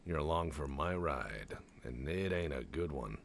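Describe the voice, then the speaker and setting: A man's voice: extremely low pitch, lively intonation, measured pace, vocal fry, hardly any pauses. A man doing rambling, profane, jokey let's-play commentary over a strategy game, tossing in goofy voices. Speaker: gaming channel host.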